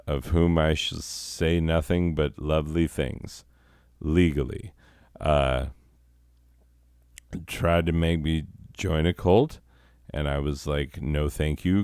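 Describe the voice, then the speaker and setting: Man, comedy podcast host, rambling profane rant, slow delivery. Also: low-pitched, darkish tone, clean tone, no echo, studio quality. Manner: profane, rambling, self-interrupting.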